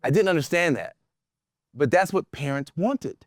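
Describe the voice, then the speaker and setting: A high-pitched American man talks in a loose, rambling way on a casual podcast, stacking repeated words as he works through an idea. The sound is close and dry, with no room in it. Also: expressive, normal speed, no room sound. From United States. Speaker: podcast co-host.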